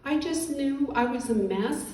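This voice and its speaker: A woman's voice: high-pitched, animated, dark tone. Emotional middle-aged woman, echoey hall. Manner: tearful, apologetic, halting. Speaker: veteran speaker. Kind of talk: emotional personal testimony. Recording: echoey room, distant mic, faint noise.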